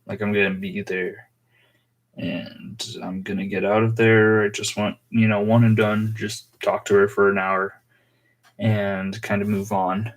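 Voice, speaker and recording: A young vlogger recounts a personal story in a rambling, halting manner packed with fillers. His voice is fairly low and his tone stays level.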